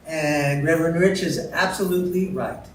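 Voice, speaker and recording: A man speaking to a congregation as practitioner at a spiritual center, earnest and unhurried with some fillers, heard from a distance. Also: fairly high pitch, steady tone. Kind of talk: sermon to a congregation. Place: church hall. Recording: roomy distant sound with faint noise.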